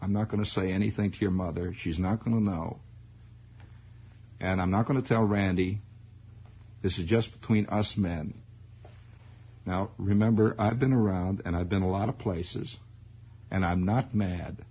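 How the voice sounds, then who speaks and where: A man voicing a stern father who coaxes slowly and patiently, on a lo-fi 1960s radio broadcast. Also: fairly even intonation, breathy edge. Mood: coaxing. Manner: low, slow, patient coaxing.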